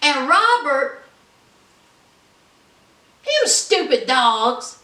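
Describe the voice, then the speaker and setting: A woman's voice: high voice, sing-song, drawn-out words, bright, forceful tone, far from the mic. A woman recapping a reality show in a sassy, dramatic, gossipy way, full of "honey" and "child". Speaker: reality TV reviewer. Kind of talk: casual gossipy recap commentary. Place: home. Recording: echoey room, voice a bit off-mic.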